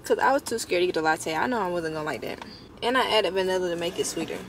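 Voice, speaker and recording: A young woman vlogging casually to camera from inside her parked car, chatty and expressive, swearing freely and talking to her viewers as y'all. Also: lowish voice, fast, background noise. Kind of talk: casual vlog talk to camera.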